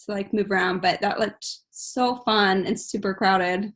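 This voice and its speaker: A young woman hosting a casual group chat, telling stories in a bubbly, animated way. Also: mid-range voice, a little slow. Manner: bubbly, animated storytelling with laughs.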